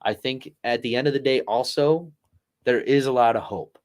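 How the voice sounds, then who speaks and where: A man's voice: mid-range voice, normal speed, darkish tone. A man co-hosting a casual sports podcast, rambling with lots of "like" and laughing at his own stories. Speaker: podcast co-host.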